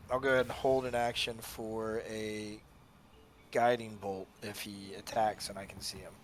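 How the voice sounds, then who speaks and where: Low-voiced, casual tabletop player. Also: male voice, little pitch movement, measured pace, slight background noise. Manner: casual, questioning and a bit unsure. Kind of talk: casual tabletop game play.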